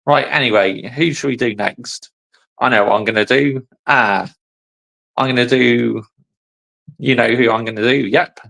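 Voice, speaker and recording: A man's voice: medium pitch, steady tone, unhurried, gravelly, long pauses, fairly bright tone, low-quality recording. A man hosting a football channel, chatting casually in short asides as he reacts to a fan's video. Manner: laid-back, chatty, answering the clip in short asides.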